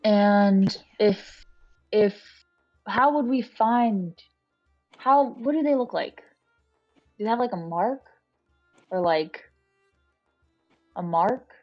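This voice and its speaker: A woman's voice: medium pitch, slow, pauses often, highs cut off, soft background music. A woman playing a tabletop game, rambling and stammering, often giggly. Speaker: player.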